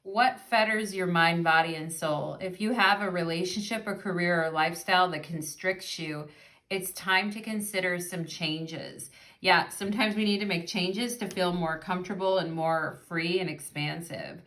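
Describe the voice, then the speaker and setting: A young woman with a slightly low voice gives a chatty tarot reading to her viewers. She talks in an effusive, casual way, calls them "you guys", and reads guidebook passages aloud. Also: moderate pace, fairly bright tone. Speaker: tarot reader.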